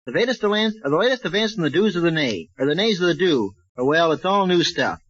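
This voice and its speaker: A man hosts a 1940s radio comedy show, rattling off a spoof newsreel with brash, wisecracking patter. His voice sits a little high. The sound is dull and muffled, like an old radio transcription. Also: big pitch swings, quick pace, few pauses.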